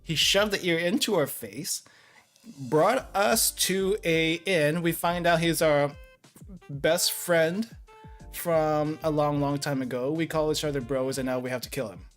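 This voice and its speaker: Chill guest reading out story bits, chuckles a lot, mid voice, soft music behind. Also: medium pitch, a little slow. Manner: relaxed, chuckling between lines. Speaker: co-writer and story reader. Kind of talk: reading a story aloud on a stream.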